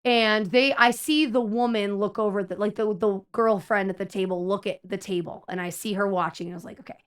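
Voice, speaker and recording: A young adult woman streamer telling a story in casual chat, animated and exasperated, acting out the people she quotes. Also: medium pitch, brisk, smooth.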